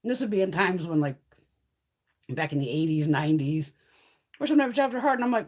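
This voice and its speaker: A woman in her fifties chatting casually on a live stream, blunt, profane and animated. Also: on the low side, fairly quick, pauses often. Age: 50s. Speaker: beauty livestream host.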